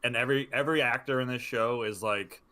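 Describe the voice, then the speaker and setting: A man's voice: medium pitch, fairly even intonation, fast talker, pushed and bright. A man co-hosting a podcast in casual chat, enthusiastic and cursing freely. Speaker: podcast co-host.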